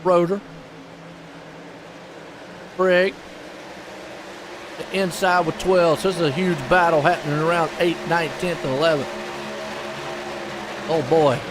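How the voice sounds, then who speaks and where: A man calling a live sim race play-by-play, excitable and folksy. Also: on the high side, slow, long pauses, background noise. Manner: excitable, folksy, puzzled asides. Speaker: race commentator.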